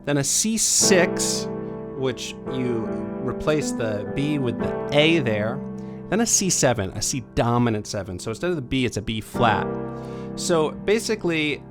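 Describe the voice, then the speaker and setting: A young adult man teaching a piano lesson, explaining chords in a relaxed way and counting beats aloud. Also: mid-range voice, unhurried. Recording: piano playing under the voice. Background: piano playing.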